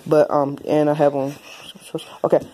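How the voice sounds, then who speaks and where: A woman's voice: low voice, flat delivery, normal speed, warm tone. A pregnant young woman vlogging at home in her bedroom, playfully teasing her toddler and slipping into sing-song baby talk. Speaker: vlogger and mother. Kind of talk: casual home vlog. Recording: noisy home recording.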